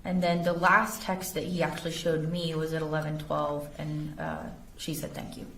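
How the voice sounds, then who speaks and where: A woman with a deep, low voice gives courtroom testimony, reading messages aloud in a steady, factual manner. She is picked up from a distance, and the courtroom around her echoes with faint background hum. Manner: reads text messages aloud in a measured, factual way. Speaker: investigator testifying as a witness. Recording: roomy courtroom audio from a distance.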